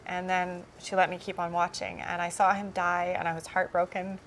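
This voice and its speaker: A woman's voice: fairly low pitch, level tone, moderate pace, a bit bright, a little hiss or hum. A woman cast member giving a personal testimony in an interview, telling her story in an earnest, reflective way.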